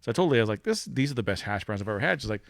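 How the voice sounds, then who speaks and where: Male podcast co-host, quick animated storyteller, dry close mic. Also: medium pitch, gravelly, no room sound. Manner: animated storyteller, laughs through his tales. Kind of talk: casual chat.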